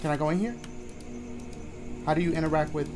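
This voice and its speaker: A man's voice: a little high, steady tone, fairly quick, over music. A man giving let's-play commentary, joking with the audience and his partner, then muttering nervously. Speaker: gaming YouTuber.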